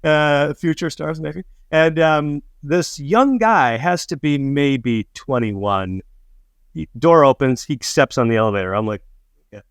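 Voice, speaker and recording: Man, middle-aged, podcast co-host, animated profane storytelling, slightly high pitch, dry sound. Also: unhurried, smooth, dry recording. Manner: animated anecdotes, swears freely, acts out quotes. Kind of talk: casual storytelling chat.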